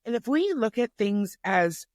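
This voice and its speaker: A woman in her fifties telling a personal story as a podcast guest, chatty and animated, often restarting her sentences. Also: fairly high pitch, unhurried, dry recording, clean studio sound. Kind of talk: casual storytelling conversation.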